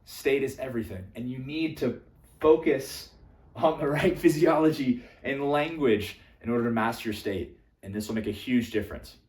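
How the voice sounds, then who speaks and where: A young man coaching on social skills, animated and casual, swinging between loud emphatic bursts and quiet asides, now and then swearing for emphasis. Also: medium pitch, moderate pace. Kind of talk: energetic coaching monologue to camera. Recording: echoey room.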